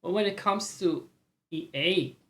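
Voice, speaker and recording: A man's voice: high voice, measured pace, a bit bright. A man streaming live and reacting to a game trailer, ranting with opinions, swearing and mocking voices.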